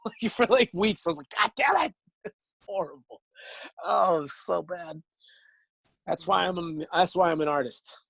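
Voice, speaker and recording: A man's voice: sits high, measured pace, creaky, long pauses, slightly rough, dry recording. A young man, an actor, telling long stories in a casual interview, acting out what people said and laughing often. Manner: animated, acts out quotes, laughs often.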